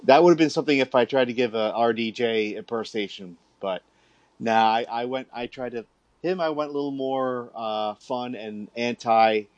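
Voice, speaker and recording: A man hosting a podcast, chatting in a relaxed, casual way with fillers. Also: medium pitch, normal speed, no room sound, muffled recording. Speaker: podcast host. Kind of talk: casual chat.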